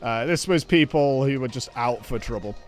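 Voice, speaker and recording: A man's voice: medium pitch, normal speed, faint music behind. A man in casual chat, rambling through a story with frequent swearing and nervous laughs. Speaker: show host.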